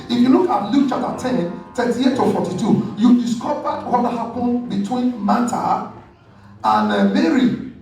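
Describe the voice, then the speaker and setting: A man's voice: high-pitched, creaky, a little mellow. A male pastor preaching a sermon in an emphatic call-and-response style. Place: church hall. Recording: echoey hall, distant mic, faint music.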